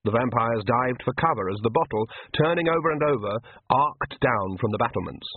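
A man's voice: medium pitch, lively intonation, moderate pace, slightly rough, dry recording. Man reading a story over tinny radio. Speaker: narrator. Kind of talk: audiobook narration.

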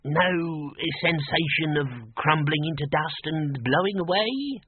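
A man's voice: a little high, lively intonation, breathy edge, no echo, pitched above the performer's own voice, heavily acted. A man doing a muttering, grumbling old wizard. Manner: muttering, complaining, drawn-out. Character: grumbling, hopeful older male wizard. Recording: tinny phone-like, dry audio.

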